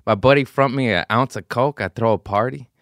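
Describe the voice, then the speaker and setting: A man hosting a podcast, telling stories casually and jumping into loud, high voices to act out the people in them. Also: brisk, dry recording, studio quality. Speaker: podcast host. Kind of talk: casual storytelling chat.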